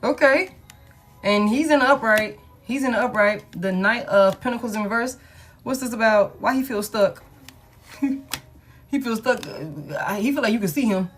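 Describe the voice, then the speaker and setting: A woman's voice: on the high side, normal speed, faint music behind. A woman giving a casual collective tarot reading, blunt and slangy, swearing freely and hyping the listener up. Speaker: tarot reader.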